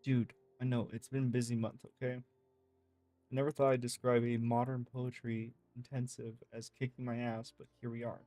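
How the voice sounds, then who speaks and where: A man reading game text messages aloud in a casual, lively way, swearing freely. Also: mid-range voice, normal speed, dry recording. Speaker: gaming streamer.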